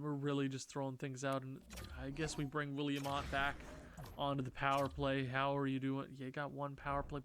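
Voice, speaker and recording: Slightly bright and carrying a bit of hiss or hum, this man's voice belongs to a gaming YouTuber running his own franchise season. Exasperated, he talks straight to his players while reworking the lines, now and then erupting into high-pitched frustration.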